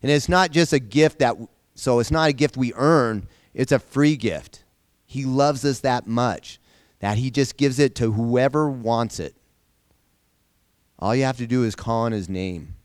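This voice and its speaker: A man's voice: mid-range voice, a little slow, no room sound, studio quality. A man leading an informal Bible lesson for a group, talking conversationally, repeating phrases and asking the class questions. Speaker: Bible study teacher.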